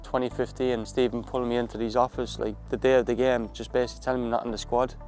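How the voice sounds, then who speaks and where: A man's voice: mid-range voice, level tone, fast, darkish tone, soft background music. A man with an Irish accent, a footballer telling stories in a casual interview, full of fillers and restarts. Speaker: footballer, guest.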